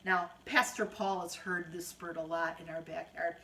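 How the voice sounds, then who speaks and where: A woman gently reading a picture book aloud to small children, in a sing-song way. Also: lowish voice, little pitch movement, normal speed. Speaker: children's storyteller.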